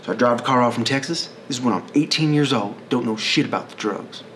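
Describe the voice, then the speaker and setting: A man's voice: mid-range voice, fast talker, noisy background. A man talking in a casual, rambling, profane monologue, often correcting himself mid-sentence.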